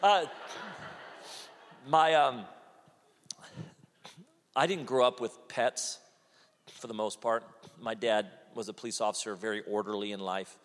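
A man in his forties preaching a sermon, telling stories with lively acted-out quotes. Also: lowish voice, a little slow, pauses often, long reverb tail. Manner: animated storytelling, acts out quotes. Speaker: pastor.

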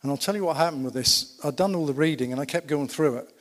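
Speaking quickly in a fairly high voice, this preacher delivers a sermon in church, emphatically recounting stories and putting rhetorical questions to his congregation. A long church-hall reverb trails his words.

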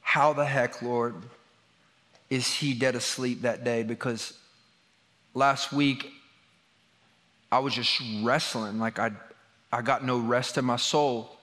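A man preaching a conversational sermon, moving between loud emphasis and hushed, quiet passages. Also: mid-range voice, steady tone, takes it slowly, pauses often. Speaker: pastor. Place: church hall. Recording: long church reverb.

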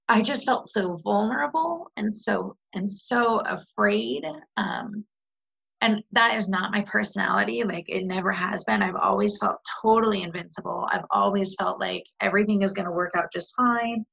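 Gravelly-voiced woman sharing her grief. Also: mid-range voice, a little slow, a bit bright. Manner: candid, reflective, many fillers and restarts. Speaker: guest. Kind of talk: personal conversation about grief. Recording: muffled lo-fi podcast audio.

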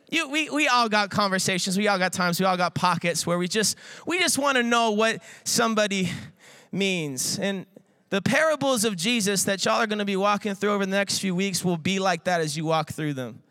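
A man gives a lively, casual sermon, joking with the crowd and acting out little quoted voices between loose filler words. His voice sits high and bright, with a smooth, clear tone. The sound is dry and close, with no room echo. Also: a little fast. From Iowa, US. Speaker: guest preacher.

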